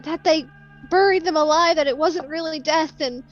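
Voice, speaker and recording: Woman doing a tearful, high-pitched fairy in a panic, dull lo-fi sound. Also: moderate pace, soft background music, close to an everyday voice. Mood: sobbing. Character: panicked young female fairy, sobbing.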